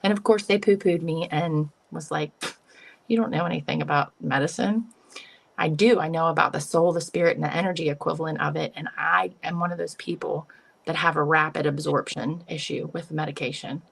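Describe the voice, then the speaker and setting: Low, gravelly-voiced woman telling her story. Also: fairly even intonation, brisk. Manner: earnest and emotional, retelling with self-quotes. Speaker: psychic medium guest. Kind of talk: personal storytelling in an interview.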